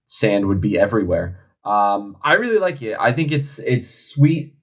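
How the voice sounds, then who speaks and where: A man's voice: fairly low pitch, big pitch swings, normal speed. A man co-hosting a beer podcast, chatting casually with goofy jokes and asides. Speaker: podcast co-host. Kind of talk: casual beer review chat.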